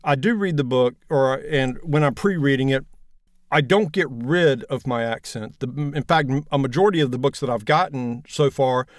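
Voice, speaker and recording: A man in his fifties with a Southern drawl, an audiobook narrator talking in a relaxed, plainspoken, folksy way in a casual interview. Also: mid-range voice, moderate pace, no echo, clean studio sound. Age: 50s.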